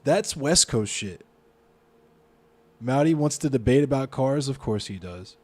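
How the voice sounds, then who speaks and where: This medium-pitched, animated voice belongs to a man from Baltimore, United States, speaking a little slowly with the local accent. Streaming live, he reads out a news piece and responds to it loudly with plenty of cursing.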